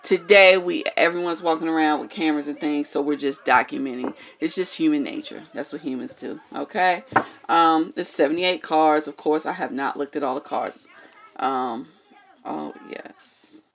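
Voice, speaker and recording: Low, gravelly-voiced blunt woman. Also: moderate pace, a little hiss or hum. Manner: blunt, frank, swears freely; keeps checking in with "okay?". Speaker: tarot card reader. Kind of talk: casual instructional vlog.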